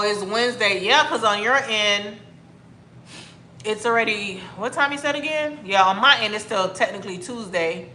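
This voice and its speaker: A woman from Miami hosts a livestream in an echoey room, casually reading comments, greeting viewers by name, and drawing out her words. Her voice is on the high side, bright and forceful, with slight background noise.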